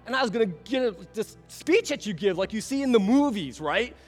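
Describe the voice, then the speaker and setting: A man telling a story to an audience in an animated way, often turning to ask the listeners questions. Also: sits high, normal speed, in a large hall, soft background music. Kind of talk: storytelling talk.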